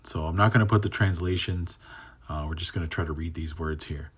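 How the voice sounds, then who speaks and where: A man teaching how to read a language, talking casually and repeating words slowly syllable by syllable, sometimes trailing into a whisper on the endings. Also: deep voice, slightly rough. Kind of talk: casual spoken lesson.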